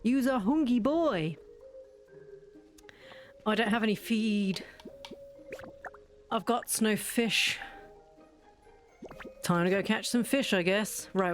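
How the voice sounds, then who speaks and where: A woman's voice: medium pitch, a little slow, pauses often, faint music behind. A woman streaming a game, chatting casually with viewers in a giggly, self-mocking way.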